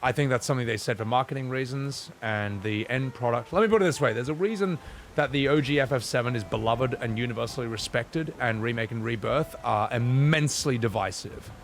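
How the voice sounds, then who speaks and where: A man's voice: medium pitch, brisk, a little hiss or hum. A male streamer ranting casually, blunt and emphatic, swearing often. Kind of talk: casual rant while gaming.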